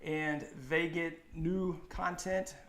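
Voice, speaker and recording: Loud upbeat guy hosting a live stream, reading out viewer names. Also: on the high side, flat delivery, slow. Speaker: co-host of a woodworking live stream. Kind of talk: casual live-stream chat.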